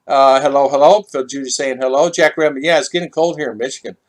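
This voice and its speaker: A man's voice: medium pitch, quick pace. A middle-aged man hosting a casual livestream, reading out viewer comments and telling rambling stories, with a chatty manner and lots of restarts. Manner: rambling and repetitive, with many restarts; chatty, lively storyteller.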